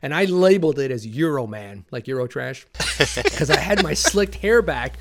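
A man who is a guest on an interview show, talking loudly and animatedly and laughing as he tells casual stories. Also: a little high, moderate pace, very noisy. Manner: loud, animated, laughs while telling stories. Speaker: guest, former actor's stand-in. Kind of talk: casual anecdotal storytelling.

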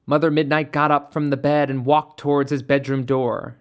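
A narrator reading a ghost story in a measured, steady way. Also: mid-range voice.

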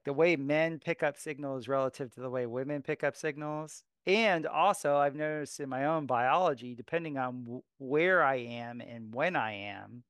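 A man's voice: mid-range voice, fairly bright tone, clear, resonant tone, dry recording. A man who works as a massage therapist and astrologer, musing loosely and thinking aloud in a casual podcast chat.

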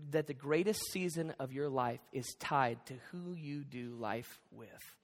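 A man preaching a sermon as pastor, animated and jokey, acting out the lines of the people in his stories. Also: on the high side. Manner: animated, jokey, acts out quotes. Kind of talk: sermon with storytelling. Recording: reverberant hall.

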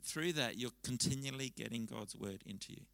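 A man preaching a sermon at a church service, talking conversationally and telling stories with lively restarts. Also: mid-range voice, brisk, gravelly, dry recording, low-quality recording. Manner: conversational, animated storytelling with frequent restarts. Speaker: pastor.

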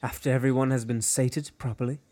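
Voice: medium pitch, fairly even intonation, brisk, darkish tone. A player speaking earnestly and formally as a character in a tabletop game.

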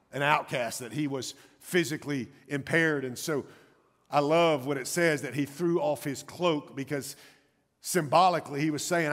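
A man preaching a sermon in a church, telling a story dramatically and swinging from loud urgency to hushed intensity. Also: mid-range voice. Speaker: pastor. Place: church sanctuary. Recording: long hall reverb.

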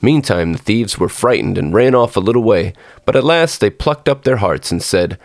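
A man narrating a storybook as a podcast storyteller, in a measured, expressive reading. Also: fairly low pitch, vocal fry, dry recording, clean studio sound.

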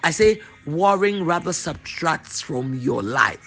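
Bright, high-voiced male preacher. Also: animated, gravelly, breathy edge. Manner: emphatic, repetitive preaching with drawn-out declarations. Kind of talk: sermon.

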